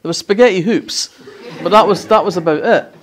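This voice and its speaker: A woman's voice: fairly low pitch, a little fast, a little hiss or hum. A Scottish woman from Fife, in her sixties, telling wry, humorous stories to a live audience as a guest speaker. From Fife, Scotland. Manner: wry storyteller, acts out voices in quotes.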